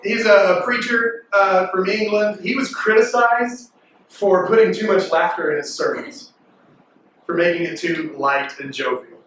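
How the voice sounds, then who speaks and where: A high-voiced man gives a playful youth sermon, joking and breaking into loud mimicry. He sounds far from the mic, and a big hall rings around him with a faint hiss behind. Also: measured pace. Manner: animated and jokey, bursts into loud mimicking. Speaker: youth pastor. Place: large echoey worship hall. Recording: distant mic in reverberant hall.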